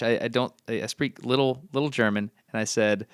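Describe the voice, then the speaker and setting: A man's voice: mid-range voice, fast, few pauses, clean tone, no echo, studio quality. An American man co-hosting a podcast, telling stories in a casual chat and laughing often. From United States. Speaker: podcast co-host.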